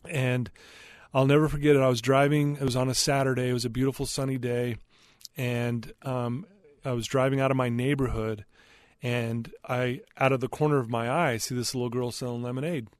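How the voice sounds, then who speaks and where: A man's voice: mid-range voice, steady tone, brisk, no room sound. Earnest man telling a personal story. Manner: earnest, candid, with frequent fillers. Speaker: podcast guest.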